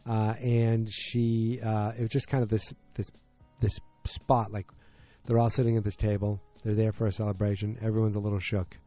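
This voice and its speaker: A man's voice: on the low side, level tone, normal speed, hardly any pauses, dark tone, faint music behind. A man hosting a podcast from his home basement, recapping an episode casually with lots of fillers and restarts. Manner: rambling, many fillers and restarts. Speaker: podcast host.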